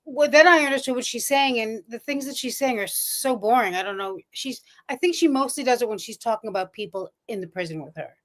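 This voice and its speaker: A woman's voice: on the high side, expressive, brisk, hardly any pauses. A woman co-hosting a casual commentary chat, playful and chatty, explaining things at length. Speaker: co-host.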